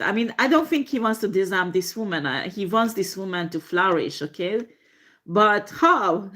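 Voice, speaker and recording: A woman tarot reader talking slowly and unhurriedly, with a voice at an ordinary middle pitch. She swears often, breaks into laughter and fills her pauses with ums and uhs. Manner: profane, laughing, animated storytelling with frequent fillers. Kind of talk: tarot reading monologue.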